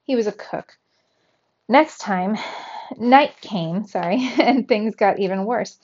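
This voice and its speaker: A woman's voice: mid-range voice, slow. A woman teacher reading a children's adventure story aloud, livening up the dialogue with extra energy. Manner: lively, voices the dialogue with raised energy. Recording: slightly dull, lo-fi sound.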